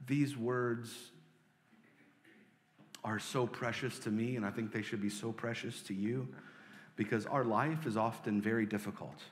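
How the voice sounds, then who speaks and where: A man preaching as a pastor, earnest, moving between loud pleading lines and soft hushed ones. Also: medium pitch, fairly even intonation, a little slow, pauses often. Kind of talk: sermon. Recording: long hall reverb.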